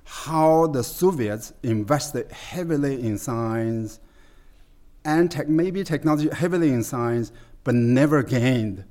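This guest expert is a man with a medium-pitched, warm voice. Speaking in a conversational interview, he gives long explanations but stumbles along with frequent fillers and false starts.

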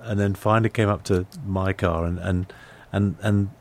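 Chatty English man, lowish voice. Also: fairly even intonation, moderate pace, a little mellow. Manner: chatty storyteller with frequent restarts and stammered repeats. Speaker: actor, guest. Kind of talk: casual conversation, anecdotes.

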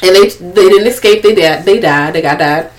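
A woman's voice: lowish voice, normal speed. A woman co-hosting a podcast who retells a horror movie in casual, profane chat and keeps acting out the characters' lines. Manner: animated, profane storytelling with acted-out quotes. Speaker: podcast co-host.

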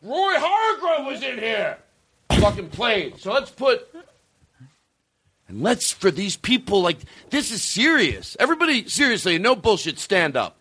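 A man hosting a podcast in casual chat, profane and animated, sometimes bursting into shouting. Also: high-pitched, unhurried, breathy edge. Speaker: podcast host.

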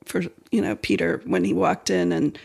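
A man with a high voice and a heavy gravelly fry talking earnestly about a film. He hesitates often and leans on fillers as he works through his point. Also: steady tone, normal speed, a little mellow. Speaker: podcast co-host. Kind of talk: casual film discussion.

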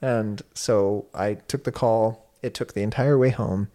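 Young male guest, slightly low pitch, chatty storyteller with lots of fillers. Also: a little slow. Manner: animated, many fillers, laughs while telling. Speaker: university instructor and guest. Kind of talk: casual storytelling conversation.

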